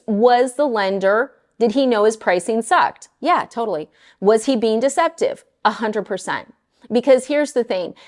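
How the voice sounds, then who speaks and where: Middle-aged woman, mortgage lender, casual viewer talk, blunt, animated, exasperated. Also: fairly high pitch.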